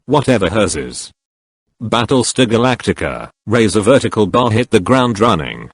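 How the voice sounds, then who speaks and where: Male narrator, lowish and animated, reads comments back to back, dry voice-over. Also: breathy edge, no room sound. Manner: reads each comment in quick succession. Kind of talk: reading online comments aloud.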